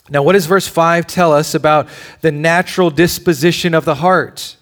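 A pastor with a slightly higher-pitched male voice delivers a sermon. He moves between animated storytelling and hushed, almost whispered reflection. He speaks as a father addressing a congregation. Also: normal speed. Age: adult with children. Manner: animated storytelling, drops to a near whisper at tender points.

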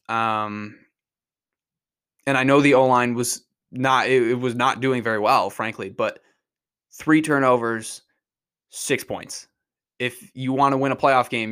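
A man talks through last weekend's football in a casual, unscripted way. He tumbles over his own sentences and doubles back whenever a play excites him. His voice sits in an ordinary middle pitch. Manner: rambling, restarts often, excitable about plays. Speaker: podcast host. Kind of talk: casual sports analysis.

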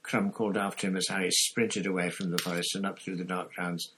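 A man narrating a storybook chapter in a steady reading voice, with an occasional slip and restart. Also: low-pitched, fairly quick, a little hiss or hum, poor audio. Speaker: audiobook reader.

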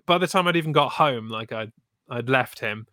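A man telling a story on stream in a casual, animated way, with lots of swearing and mock outrage. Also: medium pitch, normal speed, no room sound, studio quality. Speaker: streamer co-host.

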